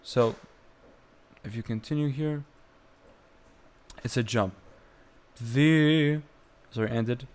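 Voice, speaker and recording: A young man teaching chant on a live stream, explaining slowly and breaking into short sung phrases. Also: medium pitch, a little mellow. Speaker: music teacher.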